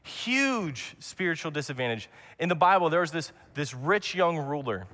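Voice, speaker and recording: A man's voice: a little high, sing-song, normal speed, bright, forceful tone. A young adult man preaching a sermon as a pastor, earnest and repetitive, often restarting his words. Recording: long hall reverb.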